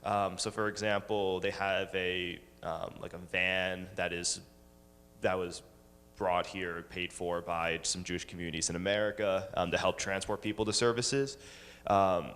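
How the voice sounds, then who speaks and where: A college-age man giving a slide talk to a congregation, pausing often with ums and uhs. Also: sits low, level tone, fairly bright tone, big-room sound, slight background noise. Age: 20s. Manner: hesitant, many ums and uhs. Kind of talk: presentation with slides. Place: synagogue hall.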